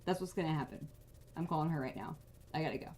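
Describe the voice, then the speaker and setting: A woman giving angry, casual political commentary, venting in rapid bursts of outrage. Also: low-pitched, a little mellow, breathy edge. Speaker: political advocacy vlogger.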